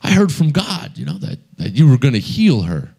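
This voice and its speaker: A man's voice: mid-range voice, wildly swooping pitch, moderate pace, vocal fry, husky, pitched above the performer's own voice, exaggerated voice. A man preaching plays a frustrated male evangelist pleading with God over a dead woman. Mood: bewildered. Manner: pleading, rising to a commanding shout.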